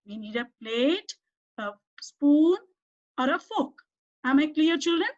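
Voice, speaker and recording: A woman's voice: high voice, animated, takes it slowly. A woman teacher with an Indian English accent giving a lesson to young children, coaxing them with questions and asking them to repeat words. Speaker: primary school English teacher. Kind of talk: online class lesson for children. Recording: dull lo-fi recording.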